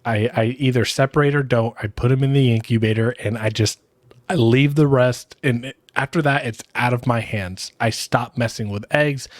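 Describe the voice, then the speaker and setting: A male podcast co-host talking candidly and reflectively, with plenty of ums. His voice is mid-pitched and sounds dry, with no room echo. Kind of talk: casual podcast chat.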